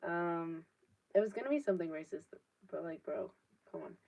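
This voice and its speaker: A woman's voice: on the low side, expressive, moderate pace, darkish tone. A 19-year-old woman, chatting casually on a live stream, rambling with lots of fillers and casual swearing. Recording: distant, dull laptop audio.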